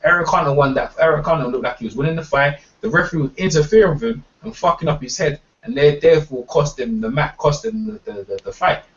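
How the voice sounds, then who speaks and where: Talking fast with few pauses, a man from England in an expressive, fairly high voice gets fired up on his boxing stream, swearing, stressing his points, and repeating himself. The mic is distant, giving a dull, lo-fi sound.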